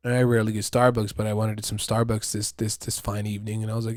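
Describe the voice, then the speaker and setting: A man's voice: fairly low pitch, flat delivery, fast, few pauses, dry recording, clean studio sound. A man hosting a podcast, telling stories in a casual, profane, rambling monologue with frequent laughter. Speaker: podcast host.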